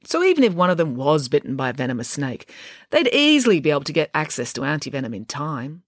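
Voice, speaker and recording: Expressive woman reading a children's story. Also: low-pitched, fast talker, no room sound, clean studio sound. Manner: wry, expressive. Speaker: narrator.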